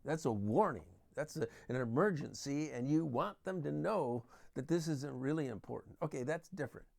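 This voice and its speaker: A man's voice: mid-range voice, animated, normal speed, vocal fry, darkish tone. A man giving an earnest Christian parenting talk that uses Bible verses and everyday examples.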